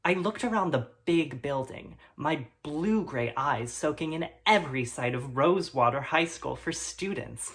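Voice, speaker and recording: A man playing an awkward teenage boy who reads his melodramatic fan fiction aloud in a deadpan, hesitant way, with mumbled asides. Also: a little high, a little slow, hardly any pauses. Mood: earnest. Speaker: comedy performer. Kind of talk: deadpan comic reading of melodramatic prose.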